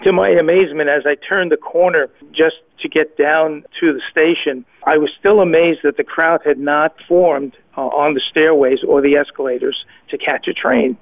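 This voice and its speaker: A man's voice: on the high side, moderate pace, creaky, hardly any pauses. A man giving a personal faith testimony as a guest, hesitant, often repeating and restarting his words. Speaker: guest sharing a personal story. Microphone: phone call. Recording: tinny phone line.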